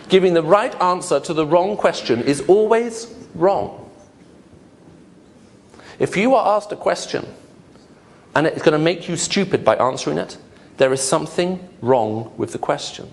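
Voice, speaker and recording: This apologetics lecturer's voice sits high and is animated yet unhurried, with frequent pauses. He keeps a live audience engaged with humor and rhetorical questions in a lively lecture.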